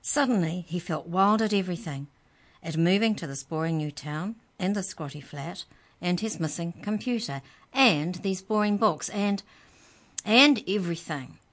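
A woman reading a children's story aloud with slow, expressive narration. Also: fairly low pitch.

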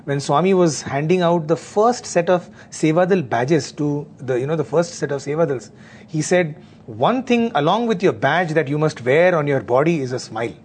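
A man talking earnestly in a spiritual discussion, often pausing with fillers. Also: a little high, lively intonation, darkish tone, slight background noise.

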